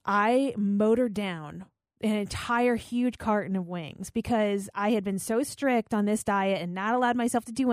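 A woman's voice: medium pitch, no echo, clean studio sound. A woman in her forties who works as a radio host, answering an interview question in a candid, rambling, self-deprecating way.

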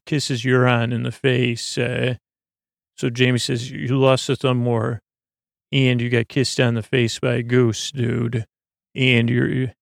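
Halting, gravelly man recapping a show. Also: mid-range voice, no room sound, studio quality. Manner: halting, full of fillers and restarts. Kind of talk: rambling recap commentary.

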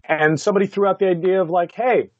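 A man, a voice actor, telling stories from his career in a casual interview, animated and laughing often, with many "you know" fillers. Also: high-pitched, very fast, no room sound, muffled recording. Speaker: voice actor guest.

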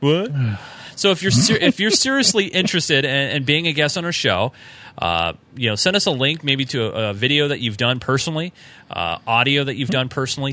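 Male podcast co-host, bright tone, loose chatty delivery reading fan mail. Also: mid-range voice. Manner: reads emails aloud with fillers and chuckles. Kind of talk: casual podcast chat.

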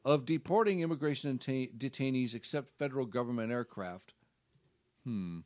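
A man's voice: medium pitch, moderate pace, darkish tone. A man co-hosting a casual talk show, reading news items aloud with sarcastic asides. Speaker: co-host.

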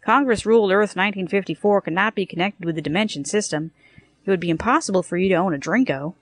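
A woman's voice: mid-range voice, fast talker, natural voice. A woman voicing a cautious, formal telephone operator.

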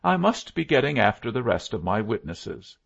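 A man reading as a gravelly Western lawman. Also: medium pitch, sing-song, moderate pace, highs cut off, voice pushed up. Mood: plainspoken. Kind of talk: audiobook character voice.

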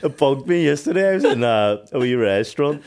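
A man's voice: medium pitch, animated, fairly quick, a little mellow. A young man with a Belfast accent, co-hosting a podcast, telling stories in casual banter, laughing and swearing freely. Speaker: podcast co-host.

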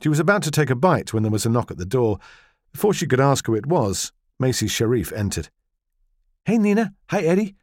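A man narrating a novel in measured, scripted storytelling. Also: medium pitch, very animated, no echo, clean studio sound. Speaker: audiobook narrator.

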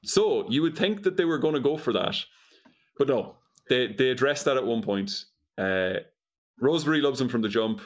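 At a moderate pace, an animated man with a medium-pitched voice co-hosts a podcast and walks through a film's plot. He sounds dry and incredulous, laughing often in the easygoing comedic talk.

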